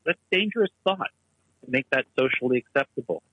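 A man's voice: medium pitch, lively intonation, brisk, breathy edge, no room sound, lo-fi sound. A man co-hosting a casual talk show, speaking in an analytical, discursive way. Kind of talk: casual chat.

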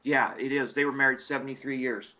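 A chatty man from Eastern Oregon calls in to a talk show, with a bright, forward voice. He tells folksy stories, and his voice comes through a dull, lo-fi line. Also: mid-range voice, steady tone, fairly quick. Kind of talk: casual call-in chat.

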